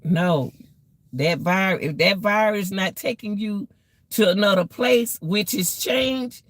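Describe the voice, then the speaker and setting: A woman's voice: medium pitch, takes it slowly, no room sound. A woman giving casual life advice to her viewers, preachy, repetitive and emotional. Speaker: vlogger.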